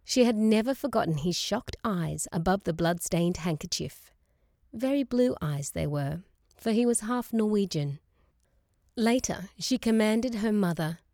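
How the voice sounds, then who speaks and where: Audiobook narrator, woman, expressive and measured, dry close-miked studio sound. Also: mid-range voice, dry recording. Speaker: audiobook reader. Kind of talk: scripted narration.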